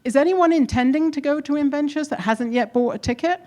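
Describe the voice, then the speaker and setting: A woman's voice: high voice, fairly quick, mellow. A woman with an English accent, speaking live to an event crowd, upbeat and encouraging, chatting with the audience. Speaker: keynote presenter at demo day. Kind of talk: energetic live speech to an audience.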